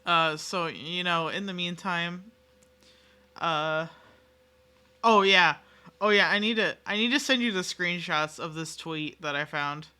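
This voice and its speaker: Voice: mid-range voice, unhurried, sharp tone, clear, resonant tone. A game streamer in a casual live-stream chat with viewers, rambling and self-mocking, giggling often and swearing freely.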